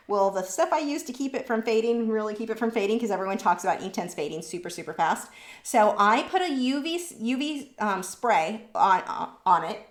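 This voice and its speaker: A woman hosting a live painting stream, chatting casually and answering viewer questions, warm and talkative. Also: mid-range voice, echoey room. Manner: warm, chatty, easily moved, laughs between words.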